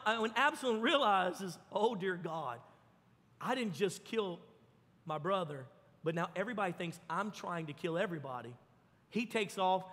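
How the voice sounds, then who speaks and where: A man preaching a sermon, telling the story with lively acted-out voices. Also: high voice, in a large hall. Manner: animated storytelling, acts out voices. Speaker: pastor. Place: church.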